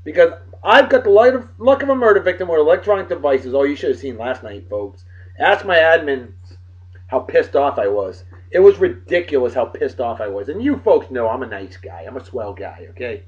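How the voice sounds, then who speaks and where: A man hosting a daily beer and song show in a rowdy, casual way, loud and excitable, swearing and joking, swinging from shouting to muttering. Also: a little high, a little fast, dull audio.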